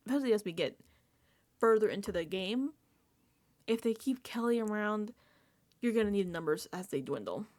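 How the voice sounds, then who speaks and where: A woman's voice: mid-range voice, animated, normal speed, long pauses, a little mellow. A woman hosting a casual reality TV recap, talking animatedly, laughing often and acting out quoted lines.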